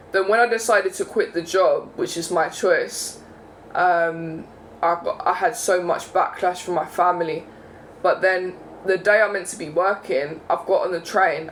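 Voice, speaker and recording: Young man, high voice, indignant vlog rant, faint background hiss. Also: fairly bright tone, low-quality recording. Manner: indignant, repeats "yeah?" and "right?". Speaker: vlogger. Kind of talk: casual monologue rant.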